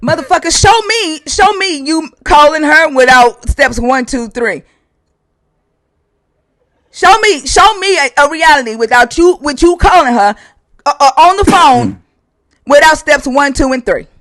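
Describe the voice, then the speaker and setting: A man with a high, insistent voice cross-examines a caller on his live stream. He curses constantly and hammers the same question over and over. The sound is dry and close to the mic. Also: animated, unhurried, fairly bright tone, dry recording. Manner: profane, interrogating, repeats questions insistently. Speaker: stream host. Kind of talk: heated debate on a live stream.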